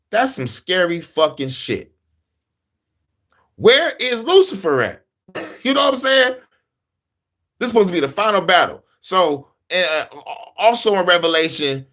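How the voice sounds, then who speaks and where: Casual male host riffing profanely, animated storyteller who laughs a lot. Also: fairly high pitch. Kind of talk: casual monologue.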